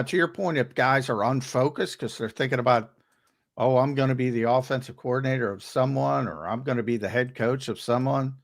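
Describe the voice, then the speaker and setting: An American man giving sports analysis as co-host, emphatic and animated, restarting his sentences as he makes a point. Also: mid-range voice. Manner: animated, emphatic, gives advice with repeated restarts.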